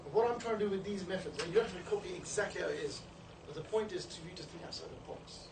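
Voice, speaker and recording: Fast-talking man, high voice, echoey room. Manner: chatty, with frequent "you know" and "yeah?" checks. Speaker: street outreach trainer. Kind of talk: informal training talk to a group. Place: indoor meeting room. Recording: low-quality recording, distant mic in an echoey room with background noise.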